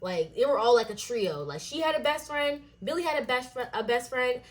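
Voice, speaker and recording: Young woman spilling tea, higher voice, swears a lot, lots of likes and you knows. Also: fairly quick. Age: young adult. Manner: animated, swears a lot, many fillers. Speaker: vlogger. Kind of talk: casual storytime.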